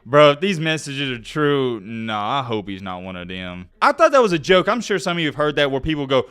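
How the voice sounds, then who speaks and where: A man's voice: mid-range voice, very animated, fairly quick, a bit bright, smooth. A man giving casual commentary as a YouTube commentator, animatedly reacting and reading messages aloud.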